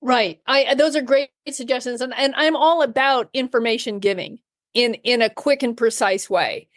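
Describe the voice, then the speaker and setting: A woman dog trainer chatting as a podcast co-host, with a notably high voice. She agrees readily and adds quick, practical advice. The recording is close and dry. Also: dry recording. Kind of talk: casual podcast chat.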